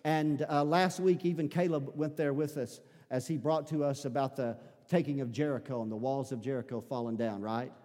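A man preaches a sermon, telling the story with dramatic swings between loud, emphatic lines and quiet, low passages. His voice is mellow and darker in tone. It rings with the long reverb of a large sanctuary. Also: steady tone, normal speed, few pauses. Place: church sanctuary.

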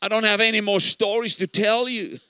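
An older male pastor preaching with a high, bright voice. His tone is clear and smooth, recorded dry and close. He presses his points hard and repeats words for stress. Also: fairly even intonation, normal speed, dry recording. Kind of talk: sermon.

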